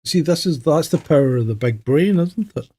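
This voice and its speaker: A man's voice: on the high side, lively intonation, normal speed, warm tone, breathy edge, no room sound. A man hosting a casual podcast chat, blunt and swearing freely as he tells jokes. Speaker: host, retired police sergeant.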